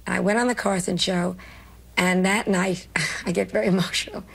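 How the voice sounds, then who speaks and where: Gravelly New woman telling stories. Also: fairly low pitch, moderate pace. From New York. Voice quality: gravelly, husky. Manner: animated storyteller acting out quoted lines. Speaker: comedian interview guest. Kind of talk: television interview recollection.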